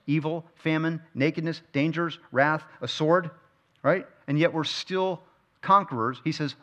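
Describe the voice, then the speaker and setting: A man's voice: on the high side, measured pace, fairly bright tone, highs cut off. Man teaching Scripture with rhetorical questions. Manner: asks the listeners frequent rhetorical questions; repeats key phrases for emphasis. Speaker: Bible teacher. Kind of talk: verse-by-verse Bible study teaching.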